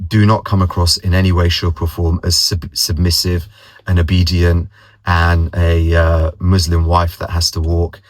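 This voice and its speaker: Casual vlogger: man, very low voice, dry close sound, rambling anecdotes. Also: level tone, unhurried, no room sound. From London, England. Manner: rambling, repeats words, mimics others' voices in anecdotes. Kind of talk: casual personal storytelling.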